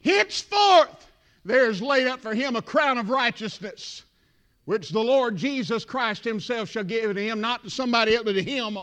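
A male pastor preaching a sermon, building from quiet talk to shouted crescendos. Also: extremely high pitch, moderate pace, clear, resonant tone.

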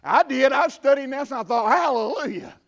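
A man preaching a sermon, swinging from hushed asides to shouted peaks. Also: very high voice, expressive, brisk. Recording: dull lo-fi recording.

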